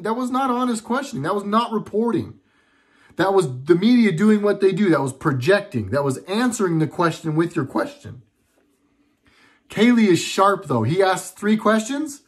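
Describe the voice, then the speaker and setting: In a high-pitched voice, a young adult man from the US rambles through some casual political commentary, indignant and full of sarcasm.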